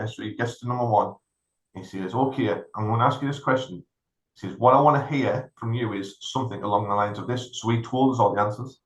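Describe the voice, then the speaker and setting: A middle-aged man, a veteran co-hosting a podcast, telling a story in a casual chat and acting out the other people in it. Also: medium pitch. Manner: animated anecdote-telling, acts out other people's lines. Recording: roomy echo.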